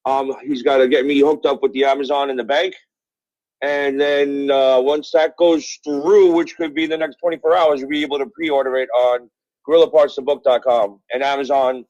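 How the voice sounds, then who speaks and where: Heard over a dull phone line with no room sound, a middle-aged author from Brooklyn, New York, speaks at normal speed in a medium-pitched, level, darkish voice. He's a guest in a casual interview, spinning rambling, profane stories full of fillers.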